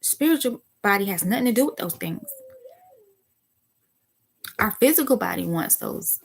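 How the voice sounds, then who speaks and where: Her voice is mid-range with vocal fry and a breathy edge, and she speaks softly at a moderate pace. A teacher, she offers a reflective spiritual talk, thinking aloud with restarts and erupting now and then in excited exclamations.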